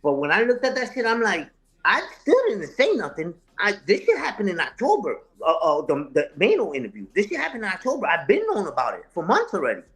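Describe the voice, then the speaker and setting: Wildly swooping pitch marks this man's high, slightly bright voice, and he talks fairly quickly. As an interview guest and online content creator, he responds to a live chat heatedly and off the cuff, cursing, confronting, and repeating himself for emphasis.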